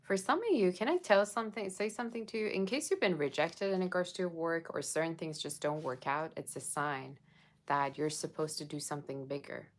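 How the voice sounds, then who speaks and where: Low-voiced chatty woman tarot reader. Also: a little fast. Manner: chatty, addresses viewers with frequent "okay?". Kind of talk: casual tarot reading for viewers.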